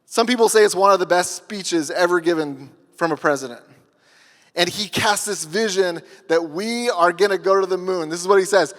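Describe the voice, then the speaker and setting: A man giving a conference workshop talk, telling stories in an earnest way with pauses. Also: high-pitched, fairly bright tone, in a large hall. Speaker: workshop speaker.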